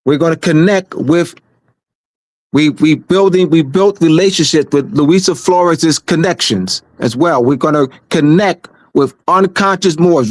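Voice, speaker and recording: An organizer hosts a community meeting in loose livestream talk, pressing points again and again and tripping over restarts. The voice sits at a middle pitch and swings from low and steady to raised and shouting. The sound is close and dry. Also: dry recording. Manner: emphatic and repetitive, stumbles and restarts; shifts between low, calm delivery and raised, shouting emphasis.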